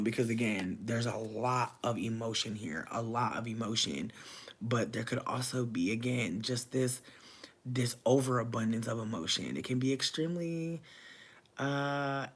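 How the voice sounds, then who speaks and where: A man giving a casual livestream tarot reading, talking in loose slang, breaking into loud laughter and dropping to soft asides. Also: mid-range voice, husky. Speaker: tarot reader.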